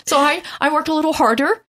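A middle-aged woman leading a casual Bible study chat, telling lively stories about her husband and reading scripture slowly. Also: high-pitched, no echo, studio quality. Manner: animated storyteller, reads scripture slowly.

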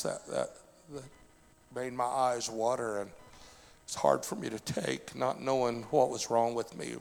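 A man pastor giving a sermon testimony, building from quiet storytelling to shouting, with frequent "uh" fillers. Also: medium pitch, creaky, big-room sound. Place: church.

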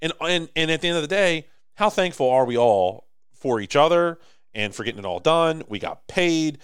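A man with an American accent co-hosting a podcast in casual chat, rambling and animated, swinging between loud and soft. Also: a little high, moderate pace, clear, resonant tone, no echo, clean studio sound. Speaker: podcast co-host.

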